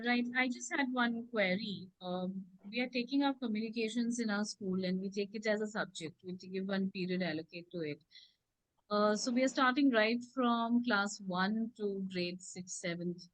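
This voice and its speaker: A woman's voice: fairly high pitch, a bit bright, dry recording, poor audio. A woman teacher asking a question in an online session, hesitating with many fillers. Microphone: video call.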